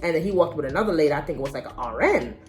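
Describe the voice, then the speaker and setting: A woman's voice: deep voice, animated, very fast, soft background music. A young adult woman telling a personal story in a casual vlog, candid and slangy. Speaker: vlogger.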